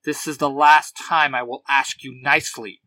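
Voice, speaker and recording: A man's voice: medium pitch, steady tone, normal speed, sharp tone, dry recording, lightly acted, low-quality recording. A man voicing a cruel, mocking female villain in a fan audio drama. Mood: menacing. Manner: taunting, mocking, giggles. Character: cruel giggling female villain, possessed ranger.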